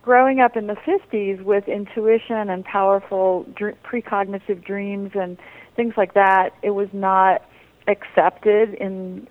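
A woman's voice: mid-range voice, a little slow, no echo. A woman in her seventies from New Orleans, a guest author telling her story animatedly in a radio interview. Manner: animated storyteller, laughs mid-sentence. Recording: tinny phone line.

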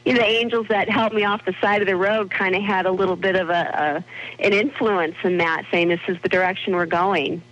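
A woman's voice: medium pitch, steady tone, brisk, a bit bright, dull audio. A woman guest on a radio interview, speaking earnestly and from the heart with some hesitation.

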